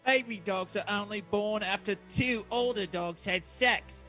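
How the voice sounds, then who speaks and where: A snooty rich young woman, played by a man with a Cockney accent. The voice is high, bright and piercing, and it is overacted for laughs. Soft music runs under it. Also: a little slow. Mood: haughty. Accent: put-on Cockney.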